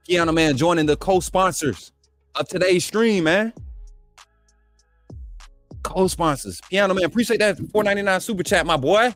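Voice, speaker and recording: A man's voice: high voice, a little fast, a bit bright, soft background music. A man with an Alabama accent hosting a live call-in sports stream, reading super chats in a hyped, trash-talking, playful way. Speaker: live stream show host.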